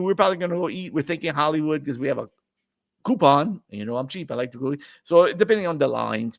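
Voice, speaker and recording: A man's voice: mid-range voice, gravelly, fairly bright tone, dry recording. A middle-aged man, hosting a casual, rambling food chat stream and laughing often. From New Orleans area. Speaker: host.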